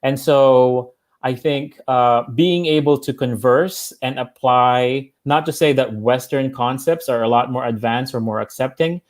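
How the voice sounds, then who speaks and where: A man with an ordinary, mid-range voice talks through his ideas in a casual panel discussion. He pauses often, restarts his sentences and fills the gaps with fillers as he thinks aloud. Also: mid-range voice. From United States. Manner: thoughtful, many fillers and restarts.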